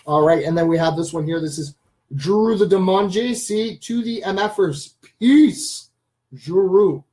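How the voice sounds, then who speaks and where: A man hosting a casual live stream, rambling enthusiastically to his viewers and addressing them as ladies and gentlemen. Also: high-pitched, a little slow, low-quality recording. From Canada. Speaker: channel host.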